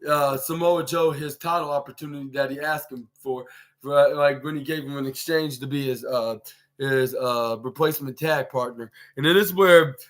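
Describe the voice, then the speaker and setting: A man hosting a podcast, recapping a wrestling show in a halting, rambling way with many fillers and restarts, acting out what the wrestlers said. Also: mid-range voice, steady tone. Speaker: podcast host.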